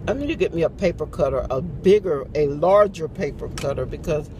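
A woman's voice: sits low, expressive, dark tone, a little hiss or hum. A woman in casual chat to camera as a couponing vlogger, dramatic and playful, hollering and laughing. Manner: dramatic, hollers and laughs often, slow drawn-out delivery.

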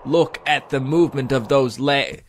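A man's voice: mid-range voice, moderate pace, slight background noise, lightly acted. Man putting on a patronizing mock instructor. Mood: mock teacherly. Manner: put-on vague accent, teacherly sing-song.

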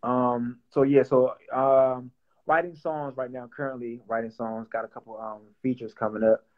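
A man's voice: medium pitch, fairly even intonation, normal speed, phone-quality sound. A young man who writes and produces songs, chatting casually in an interview, playful and loose with lots of fillers and repeats. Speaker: songwriter and producer.

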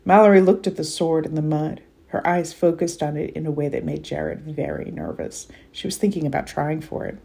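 A woman author reading her children's novel aloud in an expressive, measured storytelling manner. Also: deep voice, vocal fry, slightly rough.

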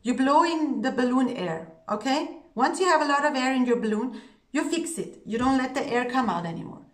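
A woman's voice: sits high, lively intonation, fairly quick. Woman coaching singers in an echoey room. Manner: earnest, coaching, checks in with "okay?" and "yeah?". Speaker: singing teacher. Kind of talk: voice lesson.

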